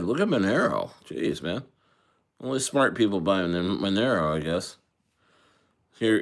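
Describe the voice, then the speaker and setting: A man chatting casually on a livestream, loose and rambling with jokes and restarts, a little tipsy from wine. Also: lowish voice. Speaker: crypto livestreamer.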